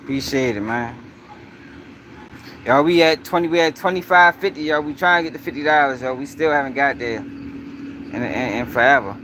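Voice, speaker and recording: A man with a mid-range, sharp-toned voice speaks at a moderate pace and pauses often, with slight background noise present. He's hosting his own news commentary livestream, talking emphatically, repeating points, and addressing his viewers directly.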